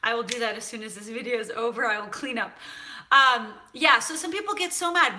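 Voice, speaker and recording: A woman from San Francisco hosts a cooking show, chatting casually in a live stream as she reads viewer comments, animated and full of fillers. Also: fairly high pitch, a little fast. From United States (San Francisco).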